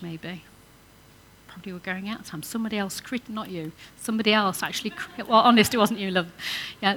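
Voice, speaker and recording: A woman's voice: mid-range voice, a bit bright, a little hiss or hum. A woman giving an informal sermon to couples, chatty and coaxing the audience to join in. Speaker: church speaker on marriage.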